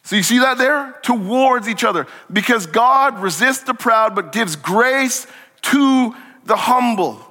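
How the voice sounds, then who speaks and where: A man preaching a sermon as a church pastor, conversational and animated, acting out little scenes from the text. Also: very high-pitched, unhurried. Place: church sanctuary. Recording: long hall reverb.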